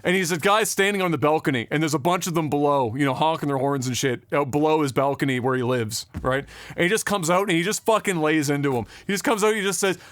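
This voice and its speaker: A man's voice: fairly high pitch, fast talker, hardly any pauses, fairly bright tone, no room sound. A man ranting with heavy swearing in a casual podcast chat. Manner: profane, ranting, exasperated. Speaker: podcast co-host.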